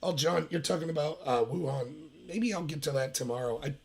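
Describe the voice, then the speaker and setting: A man's voice: a little high, brisk, gravelly, slightly rough. A man hosting a livestreamed political commentary show, talking emphatically and rambling, sometimes mocking quotes in a put-on voice.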